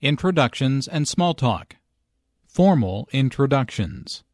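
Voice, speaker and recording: Brief: male language-lesson narrator, slow and careful, dry close sound. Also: medium pitch, very animated, dry recording. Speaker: language teacher. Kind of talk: scripted narration.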